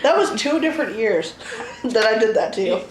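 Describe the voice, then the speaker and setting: A woman's voice: a little high, expressive, moderate pace, a loud crowd. A woman co-hosting a podcast in casual chat, laughing through her stories. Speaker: podcast co-host. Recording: echoey room with faint hiss.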